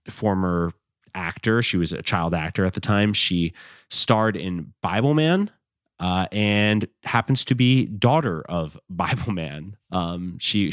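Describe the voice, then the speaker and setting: A young man hosts a podcast in a very low voice, talking casually and rambling with plenty of fillers and the odd curse word. The sound is close and dry, with no room to it. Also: dry recording. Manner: rambling, lots of "like" and "you know", casual swearing. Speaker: podcast host.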